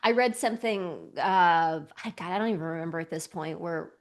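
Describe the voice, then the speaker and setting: A woman's voice: lowish voice, fairly quick. A woman co-hosting a casual podcast as a somatic coach, talking with emphatic enthusiasm and frequent laughs.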